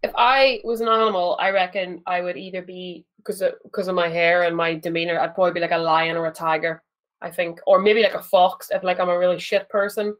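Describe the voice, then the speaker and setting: Scatterbrained woman on a podcast. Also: on the low side. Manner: self-deprecating, giggly, scatterbrained, swears freely. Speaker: podcast co-host. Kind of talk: casual chat.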